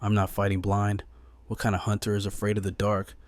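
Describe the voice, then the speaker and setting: Man doing a cocky, mocking young hunter, low and dry, pure sarcasm. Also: completely flat delivery, a little fast, no room sound, natural voice. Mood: sarcastic. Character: arrogant sneering young male hunter, jealous.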